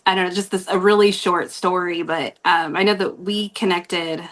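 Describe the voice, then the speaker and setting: A woman's voice: fairly low pitch, fairly even intonation, normal speed, fairly bright tone. A woman telling a story on a podcast as guest host, rambling with many fillers and frequent laughs.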